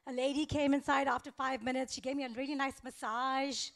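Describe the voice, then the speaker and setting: A young woman performs a stand-up set, her voice high with a gravelly edge. She tells her story in a deadpan, faux-naive way, breaking into small laughs now and then. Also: fairly quick. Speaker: stand-up comedian.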